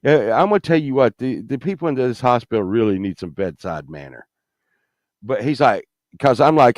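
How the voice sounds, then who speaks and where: A man's voice: mid-range voice, sing-song, moderate pace, a little mellow, no echo. A man in his fifties telling a story in a casual, profane, rambling way, swinging from mumbling asides to indignant rants. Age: 50s.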